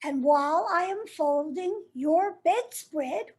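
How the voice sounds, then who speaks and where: A woman playing a bitter, wounded jilted lover, very high-pitched. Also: animated, slow pace, a little mellow, full character voice. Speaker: actor performing a monologue. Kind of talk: stage monologue.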